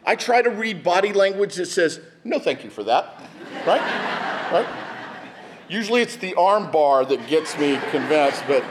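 A man's voice: high-pitched, normal speed, noisy background. A middle-aged man, a pastor, preaching a sermon in a church in a conversational way, with restarts and asides to the congregation. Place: church sanctuary.

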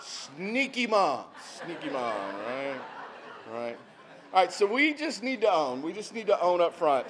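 Folksy pastor preaching, slightly high voice. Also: male voice, big pitch swings, moderate pace, crowd noise. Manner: conversational, folksy, with asides to the congregation. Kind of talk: sermon with storytelling.

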